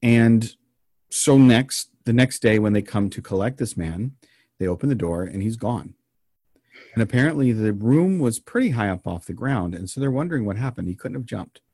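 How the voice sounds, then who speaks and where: A lower-pitched man talks in a dry, close-miked sound as he co-hosts a podcast. He tells a strange story in a loose, meandering way, full of ums and deadpan jokes. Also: moderate pace, breathy edge, no room sound. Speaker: podcast co-host telling the story. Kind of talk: casual banter and storytelling.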